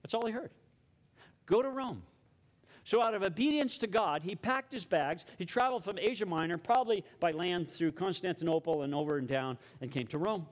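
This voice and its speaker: A male pastor delivering a sermon with dramatic storytelling. His voice sits a little high. He goes quiet and hushed when he leads prayer. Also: expressive, a little fast, hardly any pauses.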